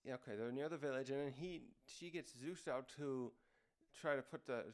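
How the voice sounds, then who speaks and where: Talking at a normal speed with a medium-pitched voice, a man hosts a relaxed manga recap. He ad-libs and rambles, filling in with ums and frequently starting over.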